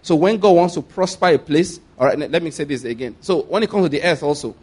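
A man preaching to his congregation in a voice pitched a little above the usual male range. He drives his points home by saying them twice and calling for the crowd to answer back. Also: lively intonation, quick pace, darkish tone, slightly rough. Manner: repeats points and calls for congregation responses. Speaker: pastor. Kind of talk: sermon.

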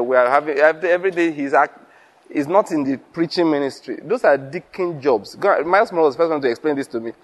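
A male pastor delivers a teaching sermon in a fairly high voice. He keeps it conversational, slipping in chuckles and rhetorical questions to check that listeners follow.

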